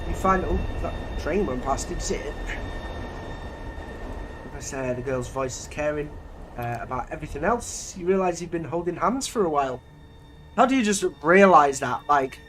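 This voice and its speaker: A man with a slightly high voice reads a story at an unhurried, drawn-out pace, stopping often to swear and mock what he reads. Soft music plays faintly underneath. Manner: sweary, mocking asides between narrated lines. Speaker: channel host reading a story aloud. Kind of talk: reading an interactive story with reactions.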